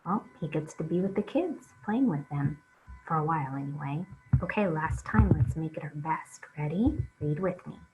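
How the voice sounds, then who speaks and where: A woman teaching an early reading lesson, reading aloud slowly and patiently for young children to follow along. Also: deep voice, lively intonation, phone-quality sound, music in the background.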